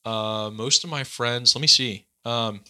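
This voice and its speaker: A man from California chatting casually on a podcast, relaxed and joking, wandering through his thoughts. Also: medium pitch, a little slow, smooth. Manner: relaxed, joking, rambling with fillers. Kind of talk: casual chat.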